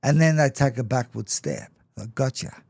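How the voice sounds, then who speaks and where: A man's voice: medium pitch, moderate pace, gravelly, darkish tone, no echo. Dry-voiced man telling stories. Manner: frequent restarts, laughs between remarks. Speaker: guest. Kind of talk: candid storytelling in conversation.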